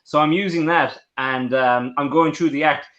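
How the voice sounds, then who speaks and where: A man co-hosting a podcast, chatting casually and quickly with a ready laugh. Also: on the high side, a bit bright. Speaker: podcast co-host. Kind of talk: casual chat. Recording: dull lo-fi sound.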